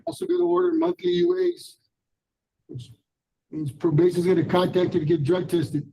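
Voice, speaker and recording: A man's voice: high voice, animated, normal speed, creaky, mellow, slight background noise, poor audio. A man presiding as judge at a courtroom hearing, giving firm, instructive warnings. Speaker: magistrate judge.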